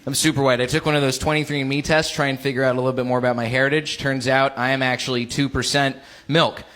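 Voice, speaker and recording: A man's voice: medium pitch, level tone, fast talker, a bit bright, slight background noise. A man doing a stand-up routine with punchy pun-heavy delivery. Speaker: comedian.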